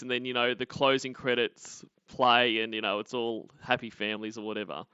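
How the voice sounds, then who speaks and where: A man's voice: mid-range voice, level tone, moderate pace, few pauses, sharp tone, smooth, dry recording, muffled recording. A man with an Australian accent, co-hosting a casual chat and rambling with lots of fillers and restarts. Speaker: podcast co-host.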